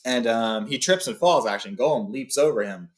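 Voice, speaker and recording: A man's voice: mid-range voice, lively intonation, brisk. A young adult man retelling a story in a loose, casual way with fillers, then reading passages aloud.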